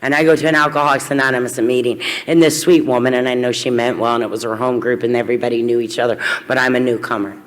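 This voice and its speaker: A woman's voice: a bass voice, steady tone, fast talker, hardly any pauses. A woman from Kentucky telling her recovery story to a meeting, candid and wry, with sudden bursts of energy. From Kentucky, USA. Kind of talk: personal recovery story told to an audience. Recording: long hall reverb.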